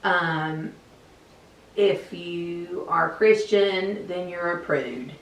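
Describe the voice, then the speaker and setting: Low-voiced woman teacher, echoey room. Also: very slow. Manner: conversational, with frequent fillers. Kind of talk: interview answers. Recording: echoey room, mic at a distance.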